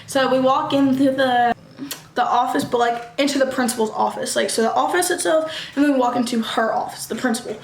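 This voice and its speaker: Animated young woman telling a story. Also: sits high, a little hiss or hum. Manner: animated, quick bursts, acts out quoted voices. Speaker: vlogger. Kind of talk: casual storytime. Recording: echoey room.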